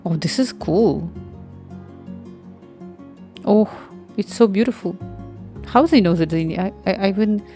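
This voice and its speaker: A woman's voice: medium pitch, measured pace, pauses often, dark tone, soft background music. Chatty woman streamer. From Ukraine. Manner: chatty, rambling, addresses viewers directly. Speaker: livestreamer. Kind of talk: casual livestream chat.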